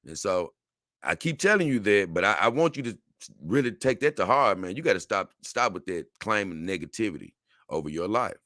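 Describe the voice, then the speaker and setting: A man hosting a casual talk show, his voice bright and forceful as it swings up and down in lively pitch. He rambles and often stumbles over repeated words, and the sound is close and dry with no room echo. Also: fairly quick. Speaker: show host. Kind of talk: casual talk show, reading viewer comments.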